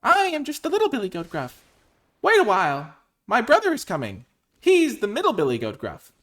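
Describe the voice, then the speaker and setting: A man voicing a small, timid male billy goat from a storybook, pleading in a squeaky voice. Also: huge pitch swings, a little fast, fairly bright tone, heavily acted.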